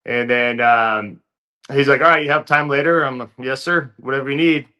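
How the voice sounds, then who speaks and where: Guy telling a story in an interview, bright tense voice, laid back, lots of "you know". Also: mid-range voice, moderate pace. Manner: relaxed, filler-heavy storytelling. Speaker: interview guest, fighter turned actor.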